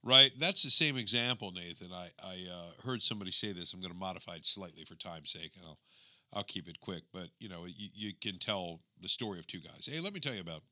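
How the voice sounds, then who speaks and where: Bright-voiced, animated male podcast co-host. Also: low-pitched, a little fast, no echo, clean studio sound. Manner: animated, emphatic storyteller. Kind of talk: casual chat.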